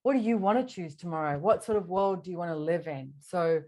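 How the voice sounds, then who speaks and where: A woman's voice: fairly low pitch, a little mellow. A woman hosting a podcast interview, casually chatting, often agreeing with her guest and posing reflective questions. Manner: affirming, lots of quick agreement, rhetorical questions. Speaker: podcast host.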